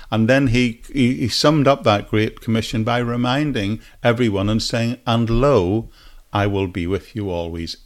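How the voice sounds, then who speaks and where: Man, lowish voice, Bible teaching podcast host, earnest devotional tone, repeats phrases for emphasis. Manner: earnest, repeats phrases for emphasis, asks listeners rhetorical questions. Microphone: podcast microphone.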